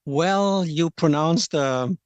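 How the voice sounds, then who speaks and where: A middle-aged man from Germany, a native German speaker with a German accent, talks as a podcast guest in a relaxed, thoughtful way with many ums and small chuckles. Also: on the high side, slow, clear, resonant tone, no echo. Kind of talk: casual interview.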